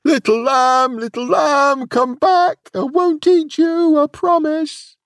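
A man voicing a gruff but soft-hearted old male wolf in a storybook, groaning and exasperated. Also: low voice, big pitch swings, measured pace, dry recording, clean studio sound, recorded from a distance, exaggerated voice. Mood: desperate.

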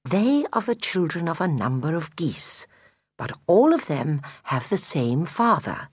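A woman voicing a gentle, secretive mother goose who speaks softly and confidingly, in a storybook reading. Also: deep voice, sing-song, measured pace, husky, no room sound, clean studio sound, exaggerated voice. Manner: soft, confiding, partly whispered.

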